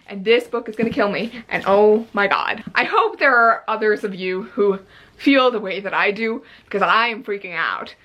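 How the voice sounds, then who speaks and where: A woman's voice: mid-range voice, sharp tone, rough recording. Young woman freaking out on a book vlog, gushy, breathless, says like a lot. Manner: gushing, breathless, filler-heavy. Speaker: book vlogger. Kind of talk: excited reading-update vlog.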